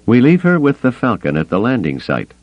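A man voicing a gruff, sardonic middle-aged smuggler pilot who growls his blunt remarks, in an audiobook. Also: mid-range voice, huge pitch swings, brisk, no echo, highs cut off, voice pushed up. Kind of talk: audiobook character voice.

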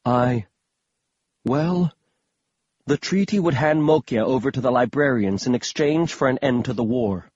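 A man voicing a soft-spoken polite scholar. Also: mid-range voice, unhurried, slightly rough, no echo, dull audio. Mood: earnest. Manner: soft, hesitant, courteous.

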